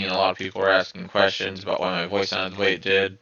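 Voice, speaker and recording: A man's voice: low voice, fairly even intonation, a little fast, vocal fry, few pauses, pushed and bright. A man with a scratchy voice talking casually to his viewers in a vlog, hesitant and full of fillers and restarts. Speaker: video creator.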